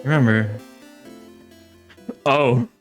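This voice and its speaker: A man's voice: mid-range voice, very slow, soft background music. A man streaming a game, mixing casual asides with dramatic reading of the game's narration text. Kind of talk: game playthrough commentary, reading game text aloud.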